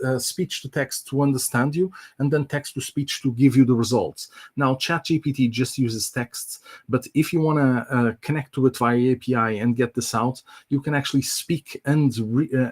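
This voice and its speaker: A man presenting a live online tech demo, explaining in a casual, filler-heavy way. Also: mid-range voice.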